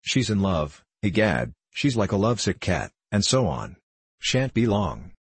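A man voices an effusive elderly landowner who calls everyone darling and angel. The voice sits very low with a husky grain. It is a dry, close audiobook play reading. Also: very animated, measured pace, dry recording, heavily acted. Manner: showers everyone with pet names. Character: effusive elderly male landowner, gushing and fussy.

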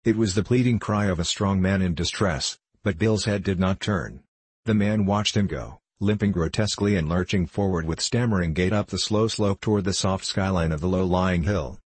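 A man narrating a story in a measured, even storytelling manner. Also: low-pitched, breathy edge, dry recording. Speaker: audiobook narrator. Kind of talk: scripted narration.

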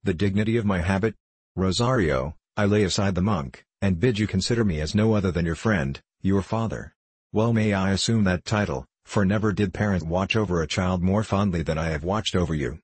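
A man's voice: deep voice, a little fast, husky, no room sound. A man reading the part of a devout abbot, speaking with earnest, soothing persuasion. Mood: tender. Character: tender, devout older male abbot.

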